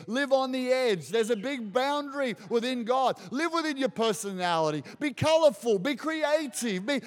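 Preacher, male, high voice, emphatic and repetitive, long hall reverb. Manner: emphatic, repeats phrases for effect. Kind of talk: sermon.

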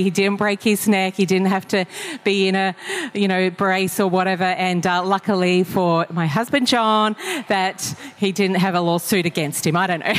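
A woman preaching a sermon, telling personal stories in a conversational way with frequent fillers. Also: mid-range voice. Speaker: pastor. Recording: long reverb of a large hall.

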